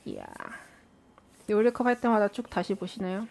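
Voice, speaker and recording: Fast-talking woman streamer, chatty. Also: medium pitch, wildly swooping pitch, creaky, a little mellow. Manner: chatty, answers viewer questions aloud. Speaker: streamer hosting a watch party. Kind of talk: casual live-stream chat. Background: faint background music.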